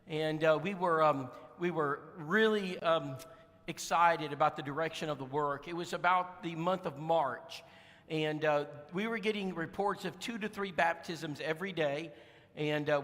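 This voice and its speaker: Bright high-voiced man preaching in a hall. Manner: folksy, with many fillers and restarts; acts out voices in his stories. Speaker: guest preacher. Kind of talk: storytelling sermon. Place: church auditorium.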